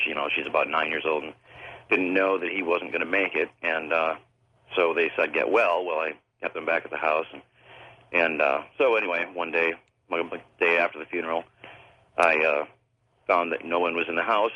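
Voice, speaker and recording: A man calling in to a radio show, telling a personal story haltingly with many fillers. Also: sits low. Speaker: caller. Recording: muffled phone line.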